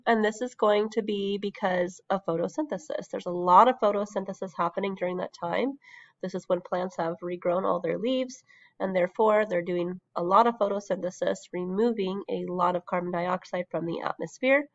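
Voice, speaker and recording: Woman teacher, sick voice, steady explaining with ums, dry close sound, muffled recording. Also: mid-range voice, normal speed, dry recording. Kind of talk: recorded lesson over slides.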